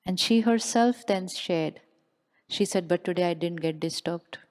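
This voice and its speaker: A woman's voice: lowish voice, unhurried, darkish tone. A woman giving a motivational spiritual talk, asking the audience questions and repeating them. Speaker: spiritual speaker.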